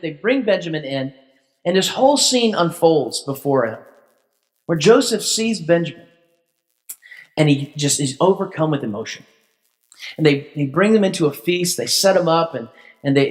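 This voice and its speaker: A man preaching as a pastor, telling the story informally, with jokes, and acting out the characters. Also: high voice. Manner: informal, joking, acts out characters. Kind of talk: conversational sermon storytelling. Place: church hall. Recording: long church-hall reverb.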